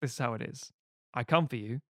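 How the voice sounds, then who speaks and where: A man's voice: medium pitch, brisk, dry recording, natural voice. Death speaks as a tired, matter-of-fact reaper, blunt and offhand, as a man puts him on in his own voice. The sound is close and dry.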